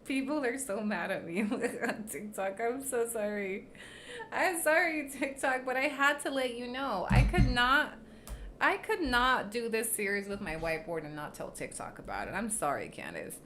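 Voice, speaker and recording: A woman's voice: a little high, expressive, moderate pace, sharp tone, a little hiss or hum. A woman livestreaming in casual chat, blunt and profane, teasing and laughing often, slipping into Spanish phrases.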